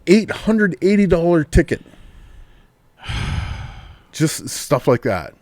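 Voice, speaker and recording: Man telling stories in casual chat, animated and expressive, recorded dry. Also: on the high side, takes it slowly, no room sound. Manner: animated storyteller, acts out quotes.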